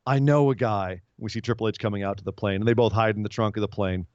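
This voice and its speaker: A podcast co-host with a lowish, fairly flat voice chats about wrestling in a casual recap. He rambles and retells comedy segments with quick voiced asides, and the recording is dull, dry lo-fi podcast audio with no echo.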